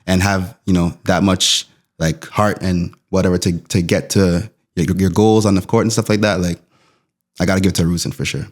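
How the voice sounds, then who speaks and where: A man's voice: sits low, steady tone, moderate pace. A man on a casual sports podcast panel, easygoing and agreeable, with a lot of hesitations. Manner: easygoing, agreeable, lots of ums.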